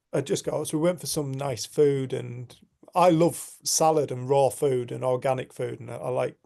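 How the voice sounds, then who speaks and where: A man's voice: mid-range voice, creaky, dark tone. A man hosting a community group, telling a heartfelt personal story in an earnest, reflective way with frequent restarts. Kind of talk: storytelling in casual conversation.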